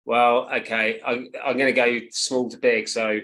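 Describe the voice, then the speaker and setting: A man in his forties with an English accent talks in a flat, level tone as a podcast guest. He speaks at an easy pace, with frequent ums and rhetorical tag questions. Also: mid-range voice, a little slow. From England. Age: 40s. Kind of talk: casual interview chat.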